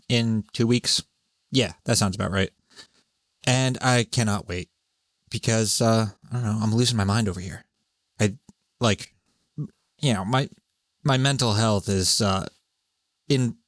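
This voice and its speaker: A man's voice: lowish voice, no echo, studio quality. A man hosting a podcast, talking alone in a rambling, sarcastic way with lots of swearing. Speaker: podcast host. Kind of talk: solo rambling monologue.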